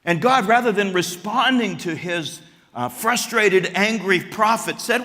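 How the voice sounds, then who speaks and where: A man preaching a chapel sermon, animated and questioning the audience, with stammered restarts and sudden jumps in pitch and loudness. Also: a little slow. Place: large chapel hall. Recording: echoey hall.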